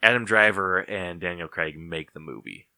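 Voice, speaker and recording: A man's voice: sits low, moderate pace, pushed and bright, no echo, clean studio sound. A man co-hosting a podcast, chatting casually and rambling with frequent laughter. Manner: laid-back, rambling, laughs often. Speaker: podcast co-host. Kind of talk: casual chat.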